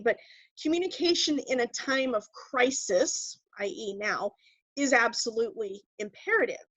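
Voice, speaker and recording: Woman, earnest, halting restarts, dry close sound, dull lo-fi audio. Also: fairly high pitch, no echo. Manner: earnest, repeats words while finding phrasing. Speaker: guest speaker, parent. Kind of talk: earnest advice talk.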